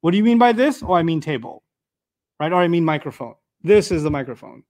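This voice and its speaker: A man with a high-pitched voice teaches a lesson on Quran verses. He explains patiently, poses rhetorical questions, works through everyday examples and breaks into Arabic recitation. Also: lively intonation, fast talker, a little mellow.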